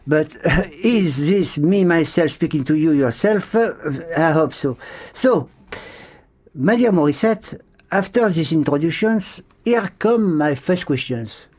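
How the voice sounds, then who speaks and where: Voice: medium pitch, lively intonation, darkish tone. Theatrical interviewer. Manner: theatrical, exclaiming, halting with fillers. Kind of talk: comic mock interview.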